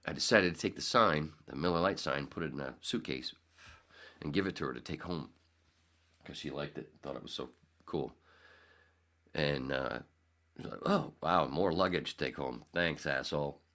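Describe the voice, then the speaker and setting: Speaking in a bright, forceful bass at a moderate pace broken by long pauses, a fiftysomething man hosts a podcast. He tells a meandering, casual story full of restarts and self-corrections, performing the quoted lines.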